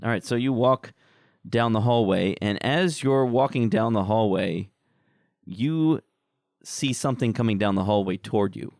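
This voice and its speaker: A man's voice: lowish voice, normal speed, gravelly, a little mellow, no echo, clean studio sound. A man narrating as game master in a casual, descriptive way.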